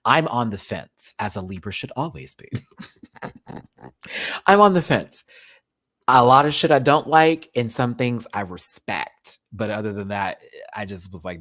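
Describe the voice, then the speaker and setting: Male live-stream host, sassy and animated, swearing, wide swings in pitch, answers viewer chat. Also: unhurried. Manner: sassy, animated, swears often, slips into campy impressions. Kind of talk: casual live-stream commentary.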